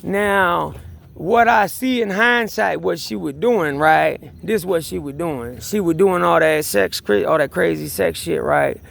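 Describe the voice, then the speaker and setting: A man's voice: on the high side, unhurried, gravelly, fairly bright tone. A man telling a story in a rambling personal rant, agitated and profane, repeating himself and restarting sentences. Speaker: vlogger.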